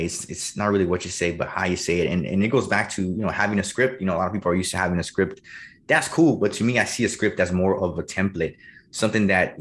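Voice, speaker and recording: Energetic fast-talking young man, low voice. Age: early 20s. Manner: energetic, animated, laughs often. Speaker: salesperson. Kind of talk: casual conversation.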